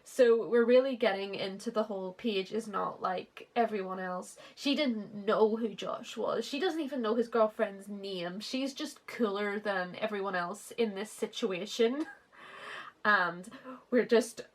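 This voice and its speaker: A woman's voice: mid-range voice, a little slow. A woman in her twenties giving a sarcastic comic read-through of her old fan fiction, laughing often and swearing. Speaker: author reviewing her teen fanfiction.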